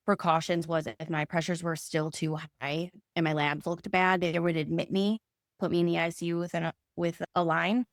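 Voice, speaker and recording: A woman's voice: fairly low pitch, no echo, clean studio sound. A woman, a podcast guest, earnestly telling her personal story in conversation and acting out remembered dialogue.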